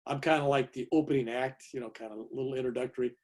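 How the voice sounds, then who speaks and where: A man's voice: medium pitch, steady tone, very fast, darkish tone. A man, a guest speaker chatting through a personal story for an audience and tagging his lines with "right?". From California, USA. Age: 70s. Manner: chatty, keeps tagging "right?" and "you know".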